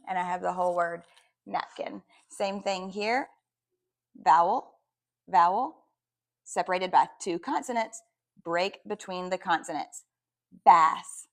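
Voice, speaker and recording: A woman who teaches second grade, giving a phonics lesson for parents and slowly sounding out words one phoneme at a time. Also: on the low side. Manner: slow, sound-by-sound modeling of phonemes.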